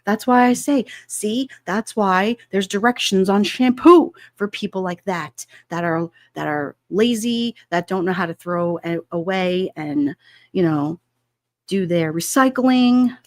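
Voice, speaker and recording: A woman's voice: medium pitch, a little slow, dry recording, clean studio sound. A middle-aged woman hosting a casual live-stream chat, rambling, laughing often and reading out viewer comments. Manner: chatty, laughs often, rambling with many fillers. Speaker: livestream host.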